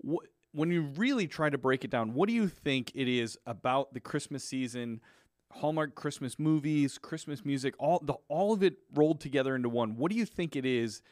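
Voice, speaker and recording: A man's voice: mid-range voice, expressive, moderate pace, a little mellow, dry recording, studio quality. A man co-hosting a podcast, asking curious, eager questions in casual chat. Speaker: podcast co-host. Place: studio in Southern California.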